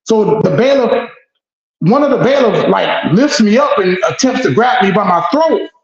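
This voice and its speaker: A man who is a guest telling an emotional first-person story, animated and blunt, repeating phrases and swearing. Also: high-pitched, moderate pace. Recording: echoey dull lo-fi room.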